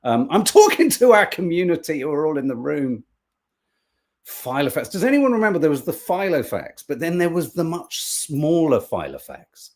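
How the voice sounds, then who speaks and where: A man's voice: fairly high pitch, normal speed. A male podcast co-host in casual chat, reading out viewer comments with jokes and free swearing. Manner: jokey, animated, swears freely.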